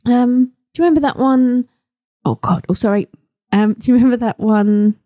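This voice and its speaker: A woman's voice: on the high side, moderate pace, warm tone, dry recording, dull audio. A woman, co-hosting a podcast in a giggly, teasing way. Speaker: podcast co-host. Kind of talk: casual chat.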